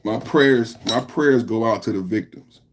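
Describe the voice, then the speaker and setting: A man's voice: medium pitch, a little slow, background noise. A man hosting a live reaction podcast, ranting in a heated, repetitive way with lots of rhetorical questions. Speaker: podcast host.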